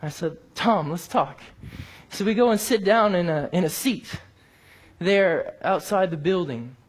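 A man preaching a sermon, telling a personal story and rising to emphatic peaks before dropping quiet. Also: sits high, measured pace, breathy edge.

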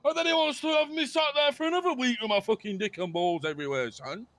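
A man's voice: very high voice, quick pace, fairly bright tone, dry recording. A man voicing a hot-headed young male crew boss in a game role-play, ranting and swearing. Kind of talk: GTA role-play voice chat.

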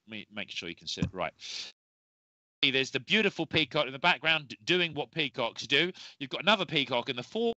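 A man's voice: medium pitch, very animated, fairly quick, bright, forceful tone, no echo, highs cut off. A man hosting a live show of psychic readings, talking in a rambling, reassuring way with many fillers, tired after a long day. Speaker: medium and show host.

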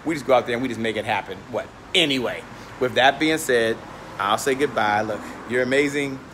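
A man's voice: medium pitch, brisk, a bit bright, a little hiss or hum. A man hosting a casual livestream vlog, walking outdoors and talking into a handheld phone, upbeat and motivational, a little out of breath. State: slightly out of breath. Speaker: host. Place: outdoors, walking near a hotel. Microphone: phone held in hand.

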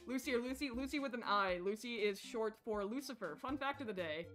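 A young woman streaming a game live, chatting casually with her viewers and getting excitable. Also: fairly high pitch, moderate pace. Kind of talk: casual live-stream chat while playing. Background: faint background music.

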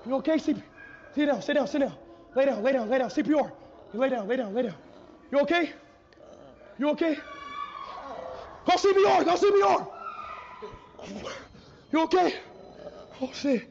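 High, yelling young streamer guy. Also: expressive, moderate pace, gravelly, pauses often. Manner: loud, panicky, swearing and yelling. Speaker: livestreamer. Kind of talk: frantic live-stream reactions. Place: indoor haunted house attraction. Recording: dull lo-fi stream audio, noisy.

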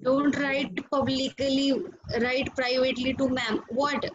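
Slow high-voiced Indian teacher. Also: female voice, little pitch movement, highs cut off. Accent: Indian English. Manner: patient, repeats names and questions, praises students. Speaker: school teacher. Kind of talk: online class over video call. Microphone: video call.

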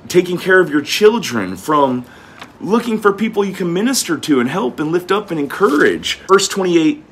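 On the high side, fairly bright and husky, a man's voice carries this informal scripture teaching. He reads old-fashioned verses first, then puts them in plain, folksy speech with lots of repeated words.

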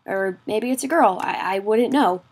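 A woman giving casual gameplay commentary, excitable and quick to exclaim, often mocking herself. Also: mid-range voice, slightly rough. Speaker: gaming video creator.

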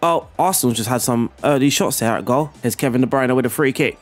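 A man casually explaining football video game tactics and commentating on replays in an excitable, chatty way, laughing at himself. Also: medium pitch, fast talker, soft background music. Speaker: gaming YouTuber.

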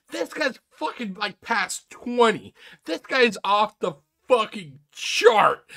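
A man's voice: sits high, slow pace, vocal fry, sharp tone. A man hosting a reaction video, giving sarcastic, incredulous commentary full of swearing and stumbling restarts. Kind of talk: mocking commentary on a clip.

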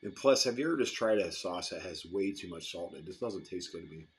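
Guy with a lowish voice chatting about hot sauce, laid back, talks while eating. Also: fast talker, slight background noise. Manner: relaxed, rambling, eating and sipping while talking. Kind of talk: casual product review.

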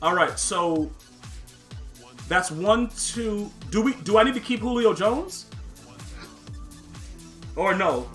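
Brash high-voiced male game streamer. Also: expressive, slow, long pauses, a bit bright, faint music behind. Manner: brash, trash-talking, slangy, reads out chat. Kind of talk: live-stream gaming commentary.

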